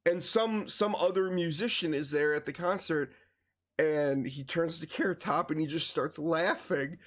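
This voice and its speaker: A man's voice: fairly high pitch, unhurried. A man hosting a gaming podcast, telling stories in casual, profane chat. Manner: profane, animated storytelling. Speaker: podcast host.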